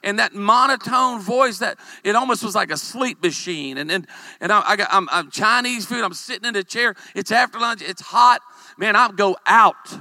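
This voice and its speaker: A man, a pastor, preaching a humorous sermon with animated storytelling and calls for amens. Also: sits high, moderate pace, dry recording.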